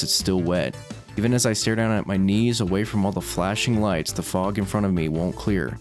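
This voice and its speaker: A man's voice: lowish voice, moderate pace, faint music behind. A man reading a visual novel's first-person narration aloud as a let's play host, with small stumbles.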